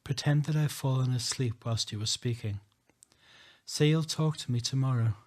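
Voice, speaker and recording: A man reading an audiobook, voicing a despairing woman who speaks quietly and slowly on the phone. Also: mid-range voice, lightly acted. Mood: tender. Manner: quiet, slow, deliberate. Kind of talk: audiobook character voice.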